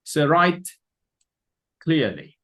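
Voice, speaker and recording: Slow, deliberate male lecturer. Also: fairly high pitch, sing-song, fairly bright tone. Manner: deliberate, repeats points for emphasis. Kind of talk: classroom lecture on presentation skills.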